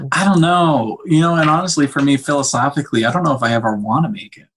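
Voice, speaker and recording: A young man, a cinematographer, chatting casually on a podcast in an animated, emotional way with many restarts. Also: a little high, fairly quick, slightly rough. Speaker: cinematographer guest.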